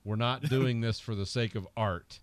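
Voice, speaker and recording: An American man co-hosts a podcast, rambling and joking casually about a film with plenty of fillers. His voice is mid-range at a normal speed, with no room sound.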